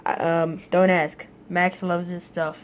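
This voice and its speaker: A creator narrating a comedy toy video in a casual, low, mumbling way with many hesitant fillers. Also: little pitch movement, slow, heavy background noise.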